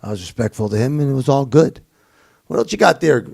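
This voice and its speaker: Gravelly man repeating questions aloud. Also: medium pitch, very animated, quick pace, darkish tone. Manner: repeats the question aloud, thinks before answering. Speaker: co-host, former wrestler. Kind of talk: casual podcast chat.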